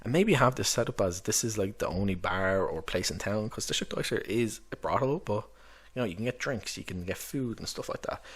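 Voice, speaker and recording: Low-voiced male game master, relaxed rambling review, chatty and unpolished. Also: brisk, husky. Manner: chatty, loose, with frequent fillers and chuckles. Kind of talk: casual rambling book review.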